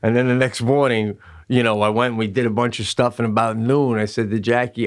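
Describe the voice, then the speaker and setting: A podcast co-host tells a long, rambling family story in casual chat, full of fillers and swearing. His medium-pitched voice moves fairly quickly and animatedly, jumping up sharply into loud voices when he acts out quotes.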